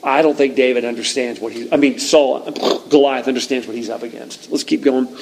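A man preaching a sermon, retelling a scripture story in an animated, conversational way with frequent restarts. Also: mid-range voice, a little fast, creaky, hardly any pauses, low-quality recording.

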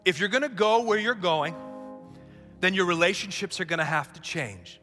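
High, bright-voiced preacher in a reverberant hall. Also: male voice, expressive, normal speed. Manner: emphatic, call-and-response preaching that builds to shouts. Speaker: pastor. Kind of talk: sermon. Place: church sanctuary. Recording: long hall reverb, faint music behind.

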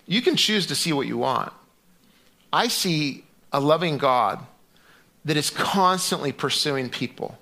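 Male pastor, middle-aged, slightly high and bright voice, casual sermon delivery that stops and restarts. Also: gravelly. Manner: conversational preaching with frequent restarts and fillers.

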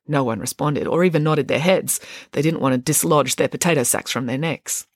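A woman narrating a children's storybook in an expressive, lively way. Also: sits low, brisk, no room sound, clean studio sound. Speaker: audiobook narrator.

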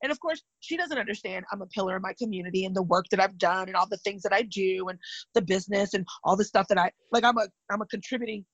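A woman's voice: medium pitch, fast, dry recording, lo-fi sound. A woman from California, in her thirties, telling personal stories candidly and animatedly in casual chat. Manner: candid, animated retelling with vivid asides.

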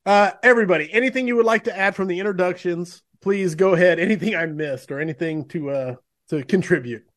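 A man's voice: high voice, fast talker. Upbeat man hosting a podcast. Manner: upbeat, gushing, drops fillers. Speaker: podcast host. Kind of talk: show intro and sponsor reads.

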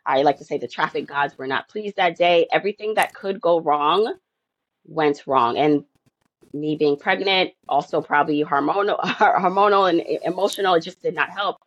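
A woman's voice: low-pitched, moderate pace, no room sound. A woman guest on a podcast, answering questions in a reflective, storytelling way. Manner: reflective, warm storytelling with light laughs. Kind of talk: conversational interview answer. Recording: dry, dull lo-fi remote audio.

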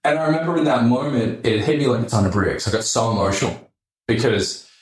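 A man with an Australian accent, a podcast guest telling a story casually, animated and swearing freely. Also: medium pitch, fast, reverberant.

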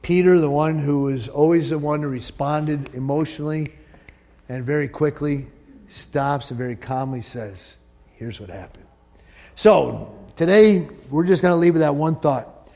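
A man preaching a sermon as pastor, swinging from loud emphatic peaks to soft asides. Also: a little high, normal speed, gravelly. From northern United States.

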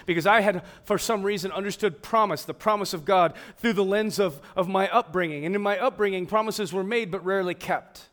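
A man preaching a sermon, swinging between emphatic, raised passages and quiet, hushed ones. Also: sits high, fairly quick, hardly any pauses. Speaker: pastor.

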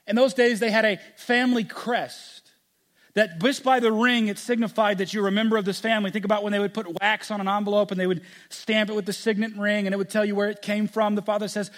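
A man preaching a sermon with passion, acting out the voices in the story and at times dropping to a hushed tone. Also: high-pitched. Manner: impassioned, acts out the story's voices; drops to a hushed, quiet delivery. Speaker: pastor.

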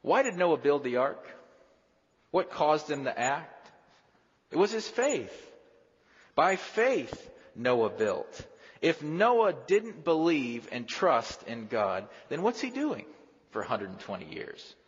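A pastor preaching a sermon in a church sanctuary, dramatic, swinging from loud questions to hushed lines. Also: male voice, fairly high pitch, very animated, slow pace, breathy edge. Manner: dramatic, rises and drops sharply, acts out quoted voices. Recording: dull sound, long hall reverb.

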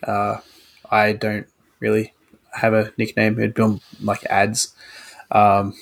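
Laid-back Australian podcast co-host. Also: male voice, on the low side, slow pace, creaky. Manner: relaxed, explains slang with lots of fillers. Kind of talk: casual chat.

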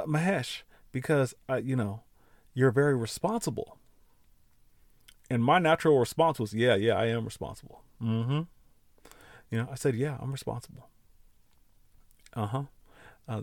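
A man's voice: medium pitch, no room sound, clean studio sound. A man hosting a podcast, telling a personal story in a reflective, conversational way, with frequent fillers and laughing at himself. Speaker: podcast host.

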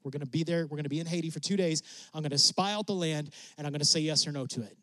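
Middle-aged male preacher, storytelling testimony, slightly higher voice, close dry sound. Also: very fast, no room sound. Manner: animated, voice jumps high when excited. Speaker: preacher sharing a mission testimony. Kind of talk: sermon storytelling.

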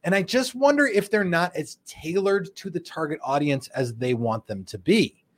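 A man's voice: a little high, lively intonation, normal speed. A man hosting a live cigar show, joking and bantering playfully with his co-hosts and viewers. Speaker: podcast host.

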